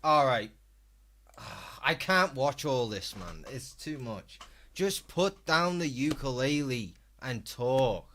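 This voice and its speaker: Exasperated sweary streamer. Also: male voice, mid-range voice, animated, takes it slowly, a bit bright, a little hiss or hum. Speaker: live streamer. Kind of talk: reaction stream commentary.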